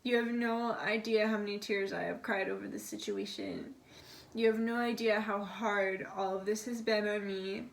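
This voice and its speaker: A woman's voice: medium pitch, lively intonation, moderate pace, creaky. A young woman giving a casual tarot reading, relaying messages in a chatty, confiding way and swearing now and then. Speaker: tarot reader.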